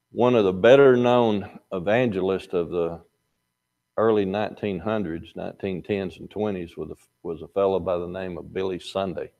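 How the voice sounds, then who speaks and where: A man's voice: low voice, a little mellow, highs cut off. An older man teaching a Sunday morning Bible class in a folksy, conversational way. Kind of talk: Sunday school lesson.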